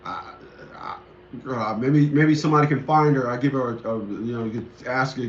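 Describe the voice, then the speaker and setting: A man's voice: mid-range voice, normal speed, slight background noise. A man delivering a rambling, indignant ranting monologue, repeating himself often. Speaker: commentator. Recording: echoey, dull lo-fi room sound.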